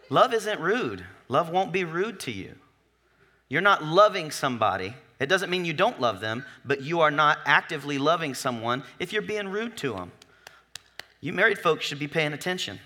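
Man, pastor, sermon, bright forceful voice, slightly high, joking, conversational. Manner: conversational, joking, asks the congregation questions.

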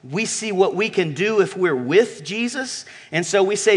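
A man preaching to his congregation with a fairly high voice. He throws out questions, booms out key phrases, then drops to a near-murmur for weight. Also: lively intonation, normal speed, slightly rough. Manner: emphatic preaching, swings from loud calls to low murmurs. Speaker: pastor. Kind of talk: sermon.

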